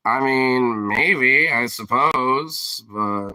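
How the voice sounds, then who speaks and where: A man's voice: mid-range voice, bright, forceful tone, dry recording. A man in casual chat who rambles, swears freely, leans heavily on filler words and laughs often as he talks. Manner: rambling, profane, heavy on fillers; laughs often while talking. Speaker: streamer host.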